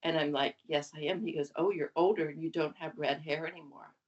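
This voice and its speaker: Lively seventy-two-year-old woman telling stories. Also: deep voice, fairly quick. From USA. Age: 70s. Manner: lively, animated storytelling with laughs and acted quotes. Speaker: guest. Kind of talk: casual storytelling interview. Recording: dull lo-fi audio.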